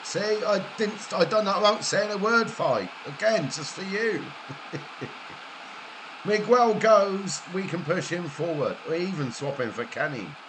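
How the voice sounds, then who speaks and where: A middle-aged Welsh man drawls through a live game stream, teasing his viewers and laughing between lines. His pace is unhurried and his tone is jokey. A faint background hiss sits under his voice at his desk mic. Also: high-pitched, animated. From Wales. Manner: chatty, jokey banter with viewers, frequent laughs. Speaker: gaming streamer. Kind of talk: casual live-stream chat while gaming.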